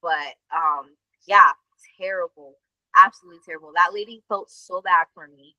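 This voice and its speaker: A woman co-host tells a story in loose, casual chat. Her voice is bright and the sound is dry and close. She talks in an animated way, with lots of fillers and swearing. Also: fairly low pitch, normal speed, dry recording, highs cut off. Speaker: podcast co-host.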